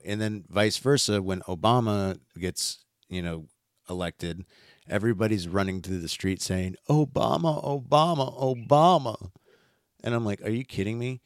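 A man's voice: sits low, dry recording, studio quality. Blunt, profane male podcast host. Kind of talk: casual political chat.

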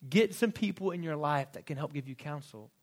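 Man, sermon, casual and animated, slightly high voice, quick asides. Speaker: pastor.

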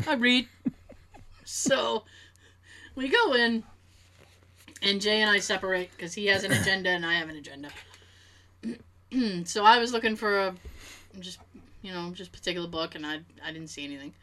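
A woman telling a casual story on a chat podcast, animated, laughing often and acting out what people said. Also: medium pitch, moderate pace, long pauses.

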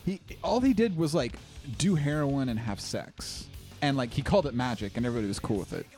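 A man's voice: mid-range voice, lively intonation, a little fast, darkish tone. Man, podcast co-host, casual rambling talk with swearing and laughs, faint music behind. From Oklahoma. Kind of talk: casual chat.

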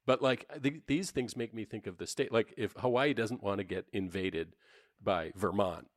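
Low-voiced joking man co-host. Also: normal speed, no echo, clean studio sound. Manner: rambling, joking. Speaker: podcast co-host. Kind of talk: casual chat.

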